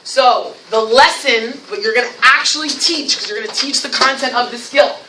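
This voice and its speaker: A woman presenting a lively teacher workshop, playful and animated, breaking into demonstrations in a large room. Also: fairly high pitch, moderate pace, recorded from a distance, noisy background. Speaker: special education director leading a teacher workshop. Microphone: distant from the recording mic. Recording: echoey room recorded from afar.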